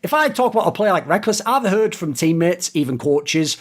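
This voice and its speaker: Male host, high lively voice, rapid sarcastic profane rant. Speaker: esports commentator and video host. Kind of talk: animated ranting commentary.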